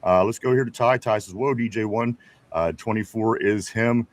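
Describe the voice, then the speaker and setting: A man's voice: lowish voice, moderate pace, dry recording. Chatty man hosting a sports show. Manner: chatty, stumbles and repeats words, chuckles often. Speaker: sports talk show host. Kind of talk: casual sports chat, reading viewer comments.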